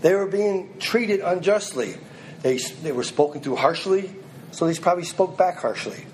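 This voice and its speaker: A man's voice: high voice, animated, normal speed, slight background noise, low-quality recording. Earnest man preaching a sermon. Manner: earnest, emphatic, reads scripture then applies it.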